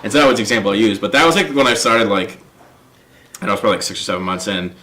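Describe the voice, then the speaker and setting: Lively bright-voiced young man. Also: on the low side, rapid-fire. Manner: animated, laughs often, acts out quotes. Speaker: stand-up comedian guest. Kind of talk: casual podcast chat.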